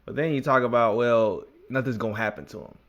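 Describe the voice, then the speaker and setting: A man's voice: fast, fairly bright tone, lo-fi sound. An American man hosting a reaction video, making joking asides in casual commentary. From United States. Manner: joking asides, mimics people in a high voice.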